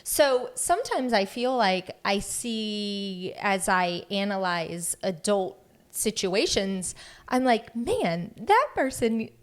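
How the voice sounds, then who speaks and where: A woman in her thirties co-hosting a podcast, telling family stories in casual chat, animated and given to laughter. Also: mid-range voice, takes it slowly, clean tone. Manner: animated, acts out quotes with laughs. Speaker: podcast co-host.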